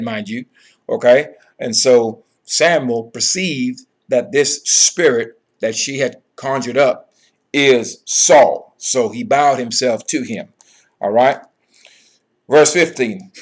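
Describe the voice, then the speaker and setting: A man teaching from scripture in a steady mid-range voice. He reads a verse, then breaks it down with emphatic, repetitive commentary. He keeps checking in with "okay" and "all right.". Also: medium pitch, slow. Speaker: Bible teacher.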